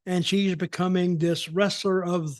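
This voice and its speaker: American man, podcast host, high voice, dry close sound, folksy, opinionated. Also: little pitch movement, unhurried, dry recording. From United States. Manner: folksy, opinionated, rambling storyteller. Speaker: podcast host, wrestling veteran. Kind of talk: casual podcast chat.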